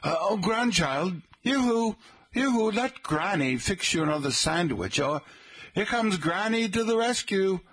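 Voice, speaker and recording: Sweet fussy old granny, high sing-song drawl, a bit husky, as a guy puts her on. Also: expressive, unhurried, a bit bright, heavily acted. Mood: doting. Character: prim elderly British-sounding grandmother, doting.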